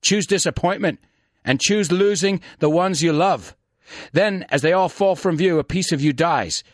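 A man's voice: fairly high pitch, normal speed, dry recording, clean studio sound, close to an everyday voice. A man doing a put-on Scottish accent, playing a bitter, disillusioned Scottish man delivering a scornful, rhythmic rant. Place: studio.

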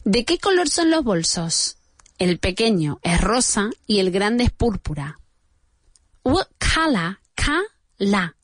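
Slow, careful woman teaching English. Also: medium pitch, very animated, no echo. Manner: repeats each answer slowly, switches to Spanish to explain. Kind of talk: beginner English lesson.

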